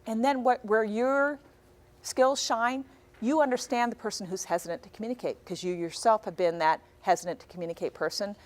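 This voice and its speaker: Animated woman speaker in a classroom. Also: a little high. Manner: animated storyteller, acts out dialogue. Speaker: guest speaker. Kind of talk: classroom talk to high school students.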